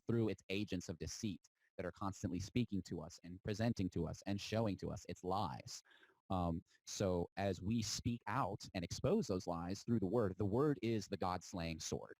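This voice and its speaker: A low-voiced man holds forth in a defiant, preachy monologue, mocking his listeners and stretching words out for emphasis. The recording is dry and close, with no room around him. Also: darkish tone, no echo, poor audio. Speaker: spiritual podcast host. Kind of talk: impassioned monologue.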